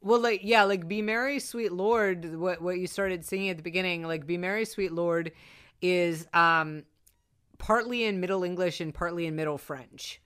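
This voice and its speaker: Woman co-host, smooth, slightly low voice, chatty and animated, frequent fillers. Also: moderate pace. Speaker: podcast co-host discussing a film. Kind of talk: casual chat.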